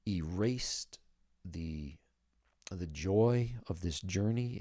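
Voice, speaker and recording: A man with a deep, gravelly voice talks through a Bible passage in a relaxed, conversational way. He thinks aloud and presses on key words. The recording is close and dry. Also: dry recording. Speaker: Bible teacher and podcast host. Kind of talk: casual spoken Bible teaching.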